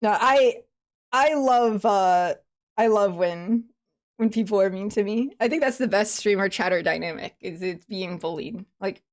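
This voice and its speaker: A woman's voice: mid-range voice, unhurried. A young woman streamer chatting casually with viewers, rambling with many fillers and restarts, and laughing in a sniffly way that sounds close to tears.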